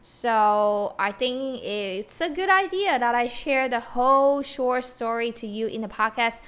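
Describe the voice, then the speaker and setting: Young woman teaching on a podcast, fairly high voice, goes over each word slowly. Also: fairly bright tone, clear, resonant tone. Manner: repeats phrases slowly, explains word by word. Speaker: Mandarin teacher, podcast host. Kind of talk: bilingual language lesson.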